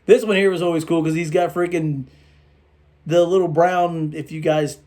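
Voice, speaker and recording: A tired man rambling through a casual toy review vlog late at night, halting and restarting his sentences. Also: a little high, fairly even intonation, a little mellow. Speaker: toy collector vlogger.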